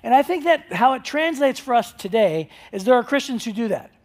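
A man's voice: extremely high pitch, expressive, brisk. A man preaching a sermon as pastor, talking in a conversational, joking storytelling way.

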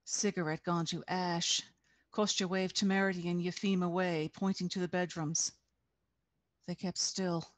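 A woman reads from her novel at an unhurried, deliberate pace, giving each sentence weight. Her voice sounds close and dry, with no room around it. She speaks over a video call. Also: on the low side, flat delivery, dry recording. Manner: measured, deliberate. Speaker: author reading her novel. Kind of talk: expressive reading aloud.

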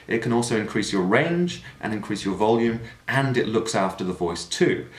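A man explaining singing technique in an explanatory manner, now and then demonstrating sounds. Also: lowish voice. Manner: explanatory, with sung and shouted demonstrations. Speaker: singing teacher. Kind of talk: vocal technique lesson. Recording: echoey room.

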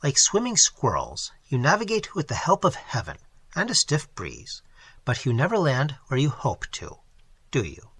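A calm, amused old zoo professor with a dry, teasing way of talking, as a male reader puts him on. The husky voice rises and falls widely over a bright edge. The sound is close and dry. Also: mid-range voice, moderate pace, no echo, exaggerated voice. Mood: placid, amused. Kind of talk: audiobook character reading.

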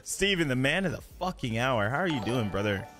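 A male game streamer chatting excitably with his viewers during a live roleplay stream, swearing freely. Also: mid-range voice, brisk.

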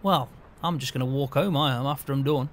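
A man's voice: mid-range voice, a little fast. A man in casual game roleplay, chatting as a farm hand in an easygoing way with mild swearing.

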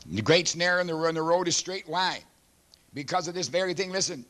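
Older man, seventies, high voice, emphatic sermon, clears throat often. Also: animated, fairly quick. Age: 70s. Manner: emphatic, forceful preaching with frequent throat clearing. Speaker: pastor.

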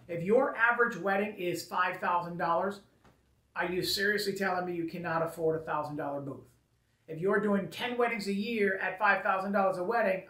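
A man's voice: high voice, fairly bright tone, far from the mic. Man, wedding photographer type; emphatic casual advice, hammers points home by repeating them; roomy sound, a bit away from the mic. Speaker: wedding photographer giving business tips. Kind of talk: casual advice talk to camera.

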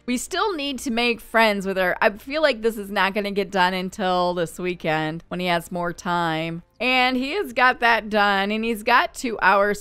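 A woman giving casual commentary on her life-simulation game, chatty and quick to voice her characters' thoughts. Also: medium pitch, bright, forceful tone, clear, resonant tone, no echo. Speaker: gaming YouTuber.

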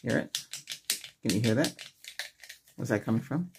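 In a close-mic whispered doctor role-play, a man talks gently and softly, checking in with quick questions. His mid-range voice is expressive at normal speed, over some background noise.

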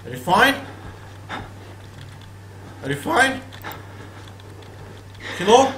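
A man giving profane, excitable commentary while playing a horror game, swearing and talking back at the characters on screen. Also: extremely high pitch, extremely slow, reverberant, a little hiss or hum, rough recording. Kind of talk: profane let's play commentary.

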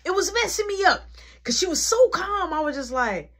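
A young adult woman telling a personal story in an animated, dramatic, slangy way. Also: very high voice, moderate pace. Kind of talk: casual storytime.

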